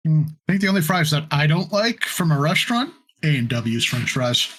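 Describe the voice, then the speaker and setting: A man's voice: fairly high pitch, big pitch swings, moderate pace, fairly bright tone. A man chatting on a podcast, grumbling and complaining with some swearing. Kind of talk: casual chat.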